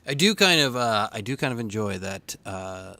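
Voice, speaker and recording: A young man co-hosting a casual podcast in a record store, joking, easily excited, reading out a list of titles. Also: lowish voice, moderate pace, no echo. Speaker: podcast co-host. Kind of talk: casual chat.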